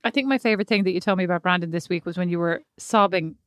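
A woman's voice: lowish voice, racing, a bit bright. A woman co-hosting a casual podcast, teasing her friend in a dry way. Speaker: podcast co-host. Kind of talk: casual chat.

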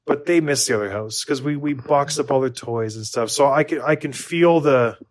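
A rambling American man in his thirties chats loosely on a podcast. He stumbles and restarts often and pokes fun at himself, at a mid-range pitch. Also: moderate pace. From United States. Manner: rambling, self-deprecating, lots of restarts and fillers. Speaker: podcast co-host. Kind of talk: casual chat.

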